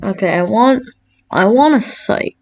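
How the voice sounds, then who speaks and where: A woman's voice: medium pitch, lively intonation, a little slow, a little mellow. A woman commentating her gameplay, blurting out short cries and angry rants. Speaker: gamer.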